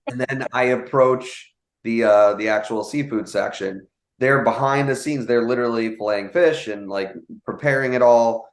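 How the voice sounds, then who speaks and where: A young man telling a casual story, animated, with many fillers and quoted voices. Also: mid-range voice, normal speed, echoey room. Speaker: guest telling a sales story.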